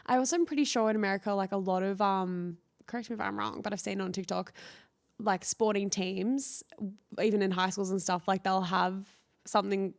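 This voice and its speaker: A woman's voice: mid-range voice, steady tone, a little fast, gravelly. A woman, co-hosting a podcast in casual chat and reading out questions. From Australia. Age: 20s. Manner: casual, filler-heavy, reads out questions. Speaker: podcast co-host.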